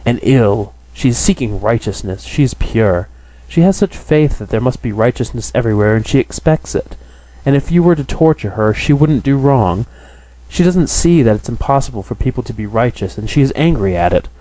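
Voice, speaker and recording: A man's voice: mid-range voice, expressive, normal speed, dark tone, natural voice, poor audio. A man voicing a timid young woman in an audiobook, lifting his voice a little and speaking in a plaintive, pleading way. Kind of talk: audiobook character reading.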